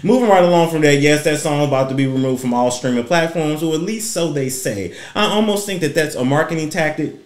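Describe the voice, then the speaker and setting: A man's voice: fairly high pitch, brisk, hardly any pauses. A man hosting a celebrity gossip vlog, ranting bluntly and profanely in a preachy way. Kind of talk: ranting commentary. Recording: roomy echo.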